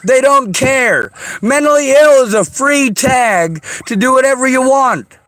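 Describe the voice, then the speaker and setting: A man with a strikingly high voice delivers a raw, furious rant, cursing constantly and breaking into shouts. The sound is dry and close, with no room echo around him. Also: expressive, measured pace. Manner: furious, swearing, often shouting. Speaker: vlogger. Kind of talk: angry profane rant.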